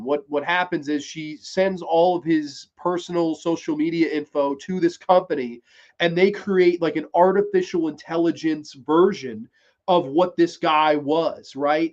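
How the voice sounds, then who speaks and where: A man hosting a podcast casually recaps a TV episode, rambling and swearing as he goes, with quick acted-out quotes. His voice is fairly high and darkish, with fairly even intonation, and the recording is muffled.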